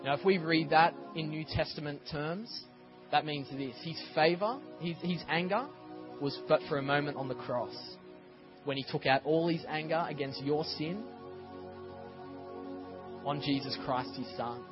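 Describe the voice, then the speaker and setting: Animated preaching man, slightly high voice. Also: a little slow, muffled recording, music in the background. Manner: animated storytelling, acts out scenes. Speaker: pastor. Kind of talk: sermon. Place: church.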